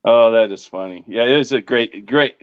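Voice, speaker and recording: A man's voice: medium pitch, moderate pace, clean tone, dull audio. A man joining a casual chat as a guest, easygoing and agreeable.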